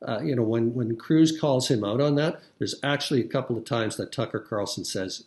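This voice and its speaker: A man's voice: medium pitch, brisk, few pauses, a little mellow. Rambling middle-aged male commentator. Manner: rambling, many fillers and restarts. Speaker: political commentator. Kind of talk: casual commentary.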